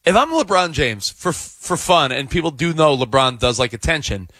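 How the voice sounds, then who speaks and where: A man's voice: on the high side, big pitch swings, moderate pace, pushed and bright, dry recording. A man co-hosting a live sports radio show from a studio, chatty and laughing as he tells stories. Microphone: studio microphone.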